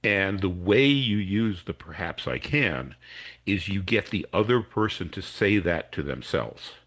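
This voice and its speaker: A man's voice: low voice, expressive, measured pace, fairly bright tone. A man, an educator and coach, explaining a technique as a podcast guest and acting out what students and teachers say. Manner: acts out students' and teachers' voices while explaining.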